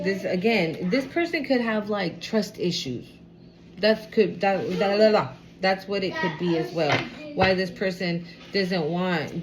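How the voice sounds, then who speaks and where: A woman giving a casual tarot reading to camera. She is animated and expressive, swears freely and talks aloud to spirit. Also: lowish voice. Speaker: tarot card reader.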